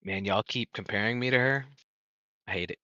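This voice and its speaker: A man with a lowish but very bright, cutting voice chats eagerly with friends. He throws out ideas in an upbeat way, and the sound is close and dry with no room around it. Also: fairly quick, no room sound, highs cut off. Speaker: game server admin. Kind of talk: casual chat.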